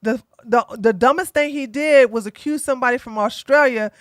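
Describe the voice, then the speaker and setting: A woman giving blunt, opinionated commentary as an online streamer, animated and fond of mocking impressions. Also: a little high, brisk, no echo, clean studio sound.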